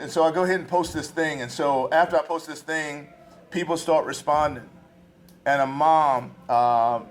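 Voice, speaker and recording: A man giving a storytelling sermon to college students, casual and slangy, animated as he tells stories from his family life. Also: mid-range voice, a little hiss or hum. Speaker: guest speaker at a campus ministry. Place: live talk to students.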